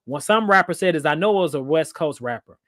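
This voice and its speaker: A man's voice: a little high, lively intonation, fast talker, a bit bright, no echo, clean studio sound. Playful man hosting a livestream. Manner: playful, reads viewer comments aloud, laughs often. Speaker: livestream host. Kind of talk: casual livestream chat.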